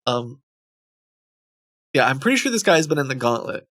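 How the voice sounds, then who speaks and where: A man's voice: medium pitch, very animated, normal speed, fairly bright tone, dry recording. A man streaming live, reading scam emails aloud with amused, chuckling, rambling asides. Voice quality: creaky.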